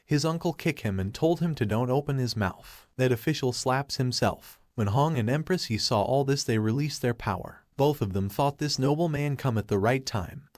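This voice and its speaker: A man narrates a comic-book story recap in an even, mid-pitched voice, reading plainly with halting grammar. The recording is close and dry, with no room sound. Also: no echo.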